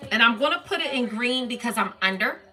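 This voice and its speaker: A woman's voice: a little high, expressive, fairly quick, sharp tone. A woman hosting a livestream, reading out her monthly spending figures and explaining them step by step to viewers. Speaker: budgeting livestream host. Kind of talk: casual budget walkthrough livestream.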